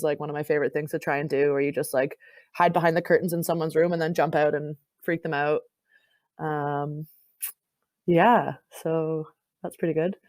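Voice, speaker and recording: A young woman from Canada, a rugby player, telling stories in a casual chat, laughing often and filling pauses with "um" and "like.". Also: on the low side, darkish tone, dry recording, low-quality recording. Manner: laughs often, lots of fillers.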